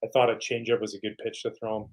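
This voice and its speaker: A middle-aged man, a retired pitcher guesting on a podcast, telling stories in a casual way and acting out teammates' lines. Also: quick pace, rough recording. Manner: animated, quotes teammates in voices. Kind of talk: casual storytelling.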